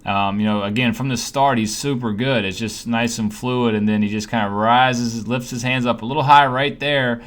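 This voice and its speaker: A man's voice: medium pitch, fairly even intonation, normal speed, few pauses, fairly bright tone. A young man coaching hitting in a casual voice-over, talking through a swing breakdown with lots of fillers and restarts. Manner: conversational, many fillers and restarts.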